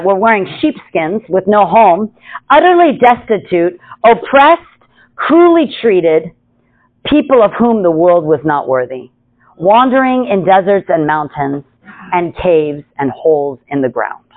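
A woman's voice: fairly low pitch, very animated, a little slow. A woman teaching a casual Bible study, chatty, with many asides and laughs. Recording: tinny phone-like sound.

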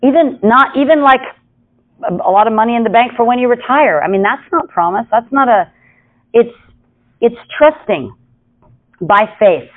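A woman's voice: on the high side, lively intonation, moderate pace, pauses often. A woman teaching a casual Bible study, chatty, with many asides and laughs. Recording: tinny phone-like sound.

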